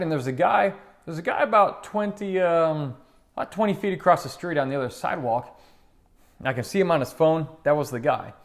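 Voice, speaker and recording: A middle-aged man telling a personal story in an earnest, conversational way, acting out the voices in it. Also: a little high. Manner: conversational, earnest, animated retelling with quoted voices. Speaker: motivational speaker. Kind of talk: storytelling monologue.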